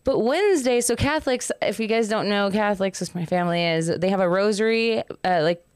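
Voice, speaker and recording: A young woman hosts a casual podcast, rambling through a story and acting out the people in it. Her voice is smooth and resonant. The sound is dry and close, with no room echo. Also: mid-range voice, a little fast. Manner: rambling storyteller, acts out quotes. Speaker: podcast host. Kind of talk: casual chat.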